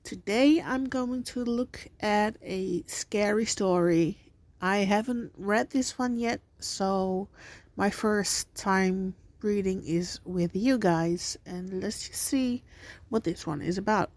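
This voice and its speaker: A woman hosting a channel, narrating a scripted scary story in a slow, deliberate reading voice. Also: medium pitch, a little mellow, no echo. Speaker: channel host and story reader.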